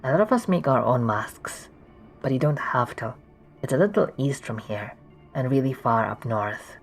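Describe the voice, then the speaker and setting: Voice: expressive, moderate pace, faint music behind. A streamer voicing a laid-back young man who talks from behind a fox mask, muffled and rambling, in a game playthrough. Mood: easygoing. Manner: easygoing, rambling sales pitch.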